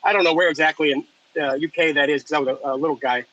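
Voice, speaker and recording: A man's voice: fairly high pitch, steady tone, very fast, sharp tone, dull audio. A man chatting casually as a podcast guest, telling eager, rambling anecdotes. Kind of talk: casual chat.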